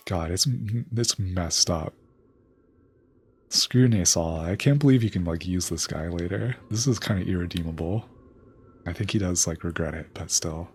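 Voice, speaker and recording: A man's voice: low voice, normal speed, darkish tone, faint music behind. A man casually commenting on a game while streaming, with blunt reactions. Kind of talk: let's play commentary.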